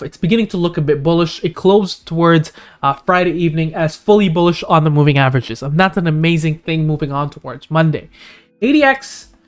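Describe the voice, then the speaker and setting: Man, fairly high voice, a little music behind, stock chart walkthrough, voice wearing thin. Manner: rapid figures and indicator names, pitch jumping up on key points. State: losing his voice. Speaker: stock analysis channel host. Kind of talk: screen-share chart walkthrough.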